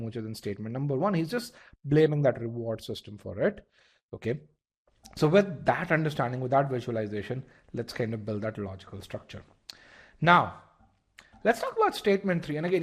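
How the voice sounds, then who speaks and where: A man in the middle of a live webinar lesson, his pitch sitting squarely in the ordinary middle range. He keeps putting questions to his audience and repeating the key points, now and then starting a phrase over before finishing it. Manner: restarts phrases often. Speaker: test-prep instructor.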